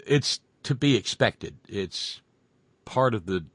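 A man giving unscripted commentary in a halting way, repeating words and switching between slow and rushed phrases. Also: fairly low pitch, lively intonation, fairly bright tone, no room sound.

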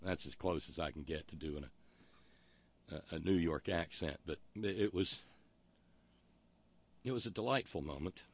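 A man's voice: low voice, moderate pace, pauses often, dry recording. A man hosting a talk show, delivering a wry, rambling monologue full of historical asides. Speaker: radio talk show host.

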